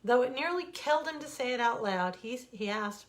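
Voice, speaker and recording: A woman author reading a bedtime fable aloud in an expressive, dramatic storytelling manner. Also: fairly high pitch, a little fast, hardly any pauses. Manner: expressive, dramatic, warmly animated. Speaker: author reading her own stories.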